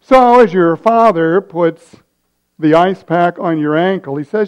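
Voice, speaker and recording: A man delivers a sermon as a story, and his voice sits well above the usual range for a man. He keeps switching between loud, high bursts and soft, quiet asides as he acts out the scene. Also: a little slow, clear, resonant tone, highs cut off. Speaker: pastor.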